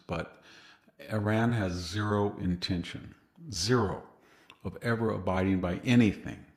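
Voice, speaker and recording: A man from California, speaking as a guest historian in a relaxed interview, winding through long anecdotes and chuckling at his own jokes. His voice sits low and carries a rough, gravelly edge. The recording has a roomy, echoey sound. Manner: rambling anecdotal storyteller, laughs at his own stories. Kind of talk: casual interview conversation.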